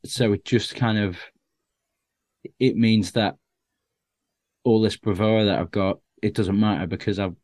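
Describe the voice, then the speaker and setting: A man's voice: lowish voice, fairly even intonation, measured pace, pauses often, darkish tone, dry recording, clean studio sound. A man, a stand-up comedian, chatting as a guest and telling self-deprecating stories with lots of restarts. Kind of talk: casual conversational anecdotes.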